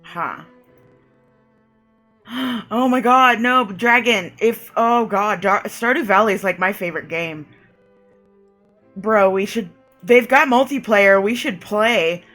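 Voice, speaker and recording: Young woman game streamer with a bright, somewhat high voice, reads game narration and rants with swearing, faint game music behind. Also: slow pace, long pauses. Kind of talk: live gameplay commentary.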